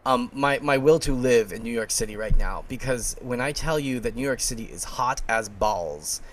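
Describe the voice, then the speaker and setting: A man co-hosting a podcast in casual chat, excitable and rambling, often breaking into laughter. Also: mid-range voice, moderate pace, slight background noise. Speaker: podcast co-host.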